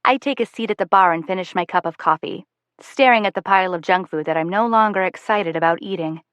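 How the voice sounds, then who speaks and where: A woman narrating a first-person audiobook in a steady, measured way. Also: mid-range voice, smooth, no room sound, muffled recording.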